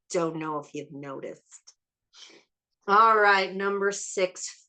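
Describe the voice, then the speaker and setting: A woman leading a group healing session. She speaks in slow, prayerful invocations and counts through numbers aloud. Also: fairly low pitch. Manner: soft, prayerful, slow invocations with warm laughter. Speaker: spiritual healing session leader.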